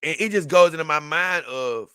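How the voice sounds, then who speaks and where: Man, casual reactor, bright voice, dry close sound, animated and exclaiming. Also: on the high side, moderate pace, smooth, no echo. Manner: animated, exclaiming and laughing, dips into mock voices. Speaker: video reactor.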